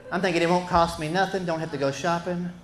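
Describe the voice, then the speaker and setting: A middle-aged man doing a folksy, animated stand-up story, acting out what he and his wife said. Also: a little high, quick pace. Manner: folksy, animated, acts out quotes. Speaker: stand-up comedian. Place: stage before a live audience. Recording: echoey room with background noise.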